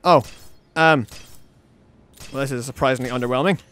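A young man giving let's play commentary on a game, excitable and rambling, often talking sarcastically to the characters on screen. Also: medium pitch, moderate pace. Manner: rambling with frequent restarts. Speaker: gaming channel host.

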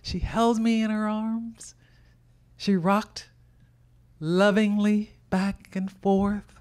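A woman tells a story from her own life. She speaks slowly and with measured care, pausing between phrases. Her pitch sits in an ordinary middle range. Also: flat delivery, darkish tone. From Louisiana. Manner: slow, measured, heartfelt. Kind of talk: live personal storytelling.

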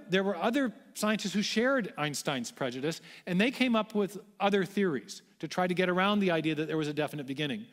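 A man's voice: a little high, long reverb tail. A man giving a public lecture, explaining step by step in an earnest way.

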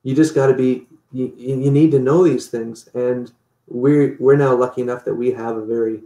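Gravelly man telling a story in a roomy echo. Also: medium pitch, normal speed. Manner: animated storytelling, acts out quotes. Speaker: guest. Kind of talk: casual interview.

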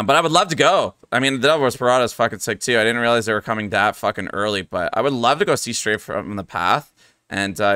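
A man from Canada reacting to a metal song on his stream, excitable and loose, swearing casually and filling gaps with uhs. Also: fairly low pitch, dry recording, clean studio sound.

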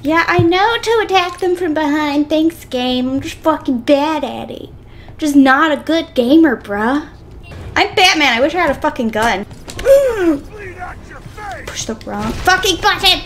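A woman's voice: high voice, animated, moderate pace, a bit bright, slight background noise. A woman hosting a let's-play of a video game, frustrated and swearing constantly as she plays. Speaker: gaming channel host.

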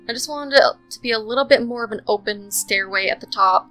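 Bright-voiced chatty young woman gamer. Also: on the high side, fast talker, hardly any pauses, faint music behind, poor audio. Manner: rambling, chatty, lots of ums and likes. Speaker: Sims speed-build commentator. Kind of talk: casual voice-over commentary.

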